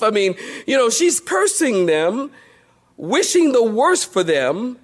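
A man preaching a sermon in a lively storytelling manner, asking the congregation rhetorical questions. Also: sits high, measured pace. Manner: animated, storytelling, acts out voices, rhetorical questions. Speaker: pastor.

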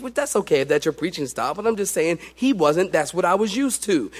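This sermon comes from a middle-aged pastor whose voice sits high. He tells it like an animated story, shifting between loud bursts of excitement and quiet, hushed moments.

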